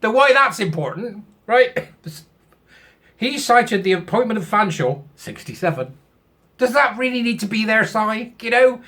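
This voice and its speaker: A sarcastic man with a high voice reads a news piece aloud, breaking off into scornful asides and chuckles. His tone is mocking and dismissive throughout, like a host riffing on a channel. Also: expressive, unhurried, pushed and bright. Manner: sarcastic and scornful, laughing often at his own jokes. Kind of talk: reading a news article aloud with mocking commentary.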